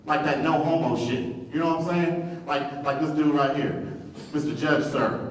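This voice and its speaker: On a comedy club stage, a Detroit comedian does a brash, profane stand-up set and baits the crowd. His voice is a little high at normal speed, heard from far off in an echoey club hall with the audience audible.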